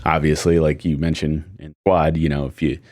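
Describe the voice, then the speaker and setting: A man's voice: a bass voice, level tone, normal speed, a little mellow. A man co-hosting a gaming podcast in casual chat, rambling with lots of fillers and some swearing. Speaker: podcast co-host.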